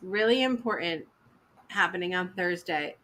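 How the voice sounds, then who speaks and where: Female host: bright, chatty, a little scattered and quick to laugh, with casual talk-show energy. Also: lowish voice, lively intonation, a little hiss or hum. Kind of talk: casual live-show hosting.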